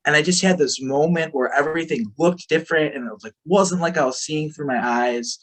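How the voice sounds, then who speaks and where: A man's voice: on the high side, brisk, a bit bright. A man telling a story as an interview guest, rambling, full of fillers and swearing freely. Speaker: podcast guest.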